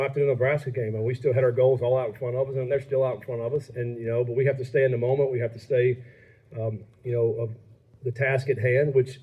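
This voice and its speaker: A quick, upbeat head coach who fields questions at a press conference, halting and filler-heavy, on slightly muffled audio. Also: male voice, medium pitch, husky.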